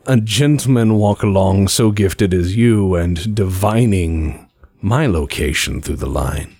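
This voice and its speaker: A man voicing a refined, menacing male spymaster who speaks in a silky, measured, dainty way. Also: low voice, a little mellow, dry recording, studio quality.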